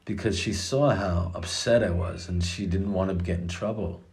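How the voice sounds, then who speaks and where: A middle-aged man with a very low voice recounts a family story in an easy, rambling way. He restarts his sentences often and drops the occasional curse. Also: normal speed, a little mellow. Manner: rambling, with many restarts and swearing. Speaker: father telling a story. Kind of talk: casual personal storytelling.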